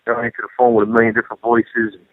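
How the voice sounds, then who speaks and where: A man's voice: medium pitch, completely flat delivery, racing, dry recording. A man telling rambling, profane stories over a phone call in a casual radio interview, peppering his talk with "you know". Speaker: guest recalling a late friend.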